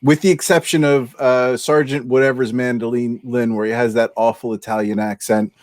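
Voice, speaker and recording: A man hosting a casual film debate, friendly and measured, laughing easily. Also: medium pitch, little pitch movement, a little mellow, dry recording, clean studio sound. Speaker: host.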